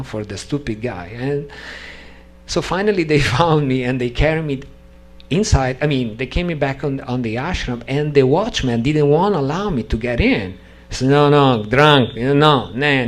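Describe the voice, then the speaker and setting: A man, not a native English speaker, telling a personal story at a devotional gathering, halting and restarting sentences and acting out the dialogue. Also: medium pitch. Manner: animated, acts out dialogue in story.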